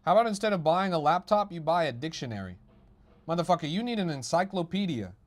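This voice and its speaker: A man's voice: on the high side, lively intonation, fast. A young man hosting a crypto livestream, reading his chat aloud and mocking it with a profane, ranting manner.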